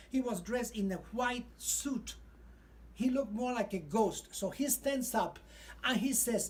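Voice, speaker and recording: Brief: older Cuban-accented male raconteur, animated, acts out voices. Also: high voice. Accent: Cuban Spanish. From Cuba. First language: Spanish. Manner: animated, acts out quotes and sings snatches. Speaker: retired stage singer. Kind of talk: reminiscing storytelling.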